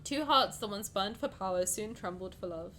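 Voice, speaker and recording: A woman's voice: mid-range voice, moderate pace, sharp tone, slight background noise. A woman streamer reads a game story aloud and reacts to it with effusive, emotional chatter. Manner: effusive, emotional, laughs often.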